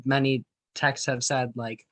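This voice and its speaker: A man's voice: mid-range voice, flat delivery, unhurried, a bit bright. A man, a student, sharing a comment in class over a video call, hesitant and full of ums and likes. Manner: hesitant, many ums, likes and sort ofs.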